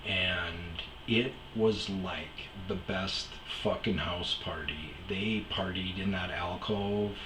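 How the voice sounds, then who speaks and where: A man with a lowish voice tells long, rambling anecdotes peppered with swearing. He is recorded in a roomy space with a noticeable echo and faint background noise. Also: sharp tone. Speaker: host, storyteller. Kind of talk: comedic storytelling podcast.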